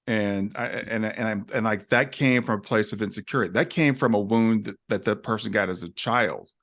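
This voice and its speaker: A man with a low voice hosts an interview. He sounds agreeable and reflective as he responds to his guest. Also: moderate pace, a bit bright. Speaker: host. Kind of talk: conversational interview.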